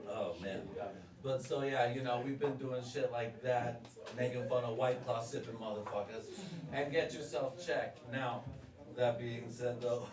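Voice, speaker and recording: A man doing a stand-up set at an open mic. He is crude and profane and keeps laughing at his own jokes. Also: mid-range voice. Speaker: stand-up comedian. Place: live comedy venue with an audience. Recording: roomy live venue, distant, crowd noise.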